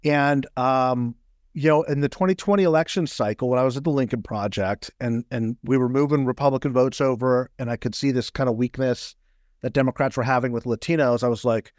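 A man's voice: medium pitch, brisk, a little mellow, dry recording, clean studio sound. A man who is a political consultant, speaking as a podcast guest, earnest and encouraging. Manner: earnest, encouraging, many restarts. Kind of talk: casual interview chat.

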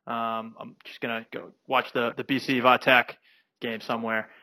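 A man's voice: mid-range voice, little pitch movement, moderate pace, bright, forceful tone, no room sound. A young man co-hosting a podcast, telling a rambling anecdote full of fillers in casual chat. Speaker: podcast co-host.

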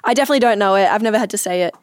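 A young woman with an Australian accent chats casually, laughing easily and poking fun at herself. Her voice sits at a middle pitch and sounds dry and close to the mic, with almost no room around it. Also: very fast, no echo. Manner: giggly, self-deprecating. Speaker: commercial actor, guest. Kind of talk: casual chat.

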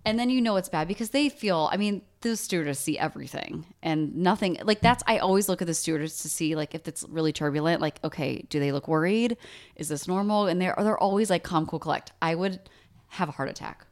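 A woman's voice: on the low side, fairly quick. A woman co-hosting a podcast, chatting casually and retelling a listener's story with plenty of fillers. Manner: chatty, reads listener emails aloud with lots of fillers. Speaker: podcast co-host.

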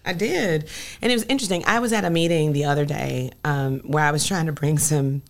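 A woman with a notably low voice talks politics as a guest, emphatic and rallying. She is from Illinois and presses her points hard, repeating lines for effect. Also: fairly quick, creaky. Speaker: state senator guest. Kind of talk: political chat.

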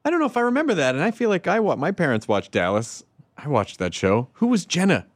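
Animated man hosting a chat. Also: fairly high pitch, fast talker, no echo, clean studio sound. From American South. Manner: animated, laughing, playful. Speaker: host. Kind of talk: casual chat.

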